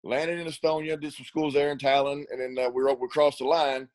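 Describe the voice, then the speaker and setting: A man's voice: mid-range voice, level tone, a little fast, no echo, rough recording. A middle-aged man, an ATV racer, telling rambling stories in a casual interview, laughing often and repeating words. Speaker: ATV racer and riding school coach.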